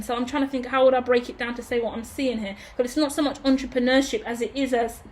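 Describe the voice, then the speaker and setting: A woman giving a casual, rambling tarot reading, swearing freely as she talks. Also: a little high. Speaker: tarot reader.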